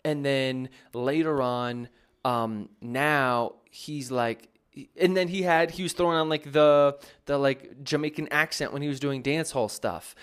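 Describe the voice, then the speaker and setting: A man's voice: mid-range voice, measured pace, clear, resonant tone. A man, a music producer, talking casually and answering viewer questions, rambling with many fillers and restarts. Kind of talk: casual advice talk.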